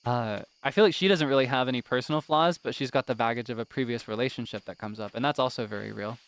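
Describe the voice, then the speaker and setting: A man casually chatting while streaming a farming game, rambling with lots of fillers and quick laughs. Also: medium pitch, fairly bright tone. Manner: rambling, many fillers, giggly.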